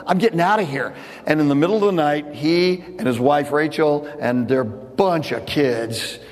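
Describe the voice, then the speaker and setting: A man's voice: mid-range voice, a little mellow, long reverb tail. A man preaching a sermon, telling a story in a loose, conversational way with frequent restarts. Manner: casual storytelling with repeated restarts. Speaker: pastor.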